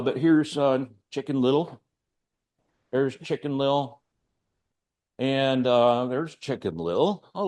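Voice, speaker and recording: A man's voice: medium pitch, a little mellow. An older man, an artist, giving an informal, rambling talk to a gallery audience about his work, with chatty, self-deprecating asides. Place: art gallery.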